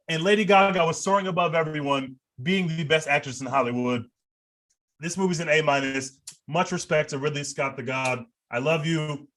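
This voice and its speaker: A man's voice: fairly high pitch, a bit bright. A man co-hosting a podcast, reviewing a movie in casual, profane and enthusiastic chat. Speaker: podcast co-host.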